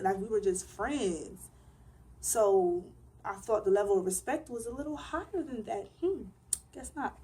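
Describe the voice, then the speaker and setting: A woman's voice: medium pitch, dark tone. A young woman vlogger telling a personal story in a casual, emphatic way, full of slang.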